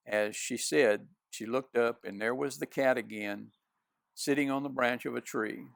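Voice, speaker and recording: A man reading a children's novel aloud in unhurried storybook narration. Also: medium pitch, vocal fry, dry recording. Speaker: reader.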